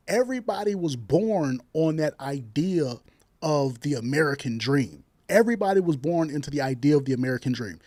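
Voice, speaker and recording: A man's voice: a little high, a little mellow, dry recording, studio quality. A man from Jamaica arguing in a heated casual debate, blunt and crude, laughing at his own jokes.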